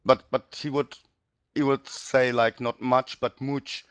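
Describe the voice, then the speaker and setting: A man's voice: mid-range voice, fairly even intonation, a little slow, a bit bright, smooth, no room sound. A man hosting a casual interview, hesitant and full of restarts. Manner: hesitant, many restarts and fillers. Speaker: interview host.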